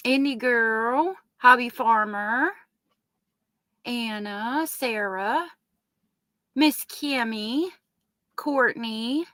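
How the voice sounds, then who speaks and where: A woman's voice: a little high, sharp tone, dry recording. A woman with a Southern US accent hosting a casual true crime live stream, chatting and greeting viewers by name.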